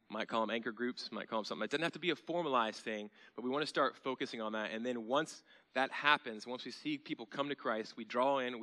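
A man pastor preaching a sermon in a church, conversational and then emphatic, sometimes dropping to a soft hush. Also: mid-range voice.

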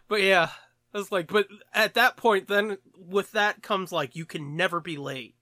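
A man's voice: high voice, normal speed, bright, forceful tone, no echo, studio quality. A man co-hosting a podcast in casual chat, rambling and joking, swearing freely and laughing often. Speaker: podcast co-host.

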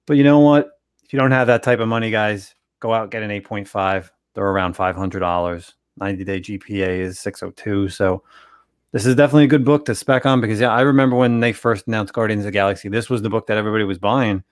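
A man co-hosting a casual chat, going over prices and sales figures in a relaxed way. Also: fairly low pitch, fast talker, no echo, studio quality. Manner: relaxed, talks through prices and sales data. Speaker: co-host. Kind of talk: casual comic book collecting chat.

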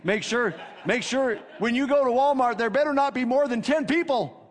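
A man's voice: very high voice, pitched above the performer's own voice. A male preacher voicing fear as a pushy, nagging man who urges worry and haste, in a hall with long reverb. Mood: urgent nagging. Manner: urgent, insistent, rushed.

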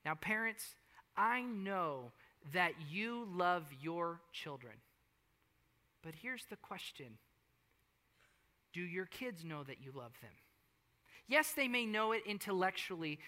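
A man preaching a sermon as pastor, earnest and repetitive, moving between hushed storytelling and rising appeals. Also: high-pitched, measured pace, long pauses. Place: large church hall. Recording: long hall reverb with faint music.

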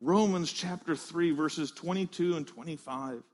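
A man preaching a sermon, earnest and emphatic, leaning on slow, stressed phrases. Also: fairly high pitch, a little mellow. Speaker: pastor.

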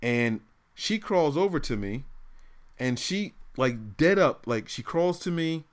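A man's voice: a little high, expressive, slow pace. A man in his thirties telling stories animatedly in a casual podcast chat, laughing often. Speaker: podcast co-host.

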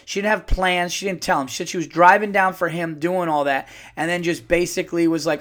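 A male podcast host talking on his own, animated and swearing freely as he gets worked up. His voice sits a little high for a man. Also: a little fast. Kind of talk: casual solo podcast storytelling.

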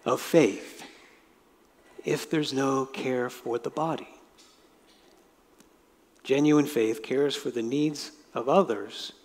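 A man preaching a sermon as pastor, talking in a conversational way and explaining with asides. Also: a little high. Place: church sanctuary. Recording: long reverb of a large hall.

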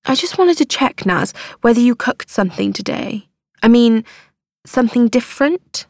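A woman's voice: on the high side, expressive, normal speed, darkish tone, dry recording, studio quality, pitched above the performer's own voice. A woman voicing a prim older neighbour woman who speaks in a sweetly passive-aggressive, fussy way. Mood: prying.

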